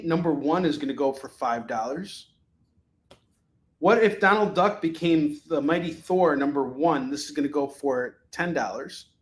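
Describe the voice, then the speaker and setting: A man hosting a live comic sales show, calling prices and boasting jokingly about his pitches. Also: reverberant. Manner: boastful, joking, rapid item calls.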